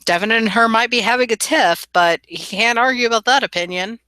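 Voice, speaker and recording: A woman's voice: a little high, fairly quick, sharp tone, clean tone, dry recording, rough recording. A woman player in a tabletop role-play game, chatting casually and dropping to a whisper when speaking in character.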